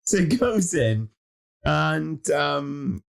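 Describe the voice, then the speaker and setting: A man's voice: on the high side, very slow, creaky. A man co-hosting a podcast, chatting casually and jokily about a film, retelling its scenes. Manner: chatty, jokey, animated retelling. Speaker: podcast co-host. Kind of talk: casual film review chat.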